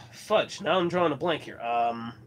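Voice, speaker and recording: A man's voice: fairly high pitch, expressive, unhurried. A man from Colorado chatting casually as host of his livestream, rambling and laughing often. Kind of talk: casual chat.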